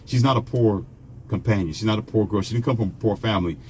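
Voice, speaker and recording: A man with a low voice tells a personal story straight to his viewers. He is chatty and conversational, breaking off for asides and addressing them directly. A faint ambient hum sits under his voice. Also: fast talker, a little mellow. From United States. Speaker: vlogger. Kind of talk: casual storytelling monologue.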